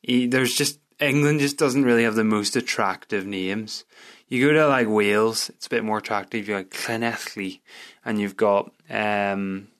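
Chatty Northern Irish man, deep and smooth. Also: moderate pace, fairly bright tone. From Northern Ireland. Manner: rambling, chatty and self-mocking. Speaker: podcast host. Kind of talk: casual solo podcast chat.

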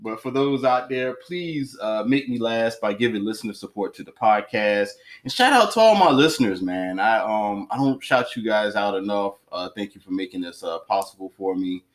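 A man's voice: fairly low pitch, expressive, normal speed, few pauses. Laid-back male podcast host. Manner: loose, rambling, filler-heavy shout-outs. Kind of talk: casual podcast chat.

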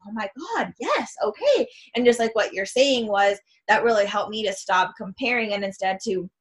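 A woman who coaches women, talking casually and earnestly in a podcast conversation, gushing and breaking into excited bursts of emphasis. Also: medium pitch. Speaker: women's self-love coach.

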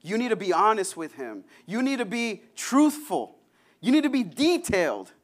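A young man preaches in a loose, conversational way. His voice sits high for a man, and he slips into quick acted-out prayers and friendly chatter. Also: very animated. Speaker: pastor. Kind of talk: sermon.

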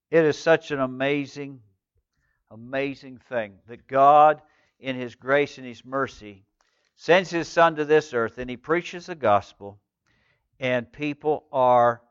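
A male pastor preaching a sermon with animated storytelling, calling on the congregation to answer back. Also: mid-range voice, clear, resonant tone, dry recording, dull audio.

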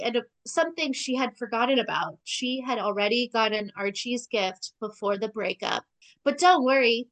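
Chatty young woman with a higher voice. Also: a bit bright, rough recording. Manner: chatty, sarcastic, lots of "like". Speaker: podcast co-host recapping a TV episode. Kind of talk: casual chat.

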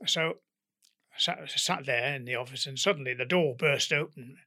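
An older British man, a guest in an interview, telling animated stories and acting out their dialogue. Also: medium pitch, normal speed. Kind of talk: anecdotal storytelling in an interview.

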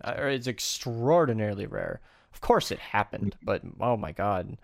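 A man chatting casually as a podcast co-host, rambling and animated, laughing often and swearing. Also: medium pitch, normal speed, gravelly. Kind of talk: casual chat.

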